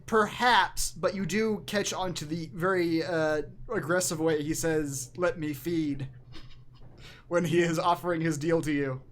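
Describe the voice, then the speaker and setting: A man's voice: on the high side, steady tone, moderate pace, hardly any pauses, a bit bright. A man running a tabletop game as game master, with a hesitant, easygoing manner.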